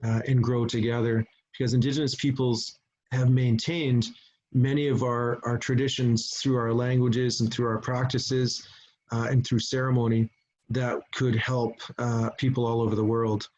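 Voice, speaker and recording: A middle-aged man from Canada, a chief giving a conference talk, telling a story unhurriedly with frequent pauses and restarts over a video call. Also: medium pitch, flat delivery, a little mellow, dull audio. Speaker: Indigenous chief and conference speaker. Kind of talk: storytelling presentation.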